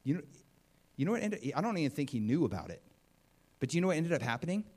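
A male preacher delivering a sermon in a lively, chatty way. He talks to the congregation like a friend and often acts out the voices of the people in his stories. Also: fairly high pitch, quick pace. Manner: animated and conversational, acts out quotes.

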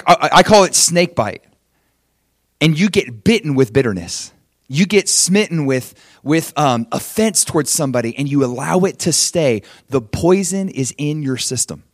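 A middle-aged male pastor preaching a sermon, swinging from loud and emphatic to soft and hushed. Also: on the high side, expressive, a little slow, no echo, clean studio sound.

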